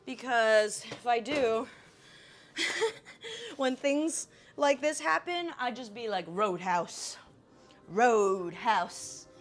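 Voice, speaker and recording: A high-voiced woman chatting to her stream as she cooks, flustered and quick to swear, then coaxing herself back into calm. She talks in an unhurried way, stretching her words out. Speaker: live streamer. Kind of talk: casual live-stream chat while cooking.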